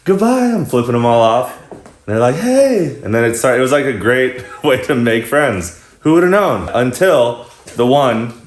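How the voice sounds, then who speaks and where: A man's voice: medium pitch, normal speed. Chatty laughing man in an echoey room. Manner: chatty, laughs often mid-story. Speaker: vlogger. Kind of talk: casual storytelling to friends.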